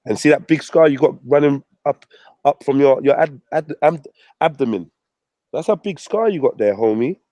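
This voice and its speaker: A man's voice: on the high side, normal speed, dark tone, no room sound. A man ranting on his channel, mocking and swearing at a rival. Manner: profane, mocking, combative. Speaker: vlogger. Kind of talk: ranting commentary.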